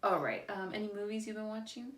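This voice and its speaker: A woman's voice: medium pitch, quick pace, a bit bright, far from the mic. A woman co-hosting a casual podcast, rambling and giggly as she jumps between topics. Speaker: podcast co-host. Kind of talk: casual chat. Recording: echoey room, voice a bit off-mic.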